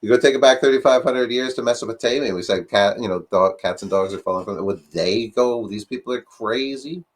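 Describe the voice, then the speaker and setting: A man's voice: lowish voice, fast talker, hardly any pauses. A man in casual discussion, talking animatedly with lots of fillers and rhetorical questions.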